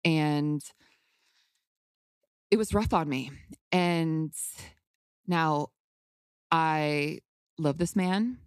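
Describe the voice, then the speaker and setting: A woman's voice: deep voice, very slow, long pauses, clear, resonant tone, dry recording, studio quality. A woman hosting a podcast, candidly telling a personal story in an emotional, outspoken way with casual swearing. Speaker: podcast host.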